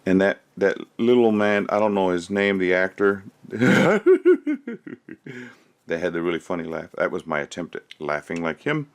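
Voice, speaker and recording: A man's voice: low-pitched, steady tone, a little fast, hardly any pauses, smooth. A man doing casual crafting commentary at home, rambling and thinking aloud as he works. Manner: rambling, chatty, thinks aloud while working. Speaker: resin crafter.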